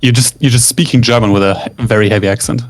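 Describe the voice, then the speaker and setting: A man's voice: medium pitch, fairly even intonation, fast talker, faint music behind. A man from India chatting casually with a streamer while they play together. He teases dryly and explains things plainly. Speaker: stream co-player. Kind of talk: casual gaming chat.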